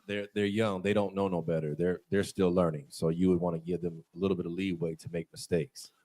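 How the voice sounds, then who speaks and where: A man's voice: deep voice, little pitch movement, fairly quick, warm tone. A man, a student in a class, answering the teacher's questions and hesitating as he restarts his words.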